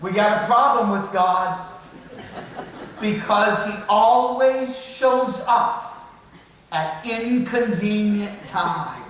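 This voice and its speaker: A man's voice: sits high, extremely slow, fairly bright tone, a little hiss or hum. A man with a Southern US accent, a priest giving a sermon in a folksy storytelling manner. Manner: folksy storytelling with acted quotes. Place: large church. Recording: echoey church, voice from far off.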